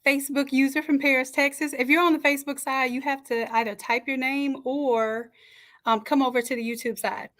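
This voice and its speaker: Woman, high voice, livestream host, chatty, greets viewers warmly, home camera stand. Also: steady tone, fairly quick. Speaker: livestream host and design coach. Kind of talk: live-stream chat greeting viewers.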